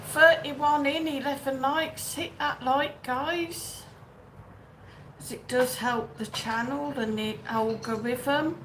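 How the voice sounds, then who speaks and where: A woman hosting a relaxed live stream and reading out viewers' comments. Her voice sits high and she takes her time, greeting people by name. A faint noise hums under the recording. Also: takes it slowly, poor audio. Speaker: livestream host. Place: outdoors or home in Benidorm.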